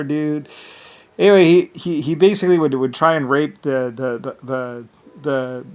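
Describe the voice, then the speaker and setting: A man telling a rambling story in a casual, profane way, full of fillers and laughter. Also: a little high. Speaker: channel host.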